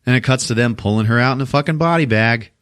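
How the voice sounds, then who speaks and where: A man hosting a podcast and recapping a horror movie in a casual, profane, animated way, laughing often. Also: medium pitch, quick pace, clear, resonant tone, no echo, studio quality. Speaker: podcast host.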